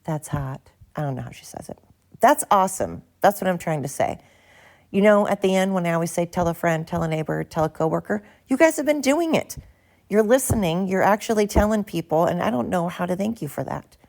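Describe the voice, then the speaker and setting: Speaking briskly in a medium-pitched, slightly mellow voice with vocal fry and lively intonation, a woman records her solo podcast on her phone amid background noise. Exhausted and half-awake, she wanders from thought to thought, cursing happily at her own expense.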